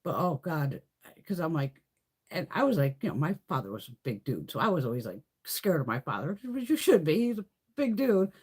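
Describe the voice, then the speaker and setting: A middle-aged woman hosting a beauty livestream, telling stories in a loose, animated way, swearing freely and laughing often. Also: low-pitched, fairly quick, husky. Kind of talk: casual chat.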